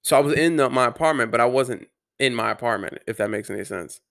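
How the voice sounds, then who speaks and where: A man earnestly telling a personal story to camera, halting and restarting his words, with some swearing. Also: medium pitch, gravelly, a bit bright. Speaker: vlogger.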